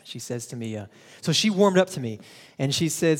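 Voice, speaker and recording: A man's voice: mid-range voice, lively intonation, a little fast, hardly any pauses, in a large hall. A male pastor preaching a conversational sermon, telling stories and laughing at himself.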